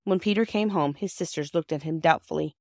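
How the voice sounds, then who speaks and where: A woman reading a classic children's novel aloud in measured scripted narration. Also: deep voice, dry recording, clean studio sound. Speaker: audiobook reader.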